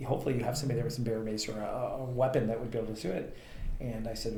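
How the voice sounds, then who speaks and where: With a warm, mid-range voice, a podcast co-host races through rambling stories about running his transportation business, full of fillers. The recording, from a casual storytelling chat, has an echoey room and faint ambient noise.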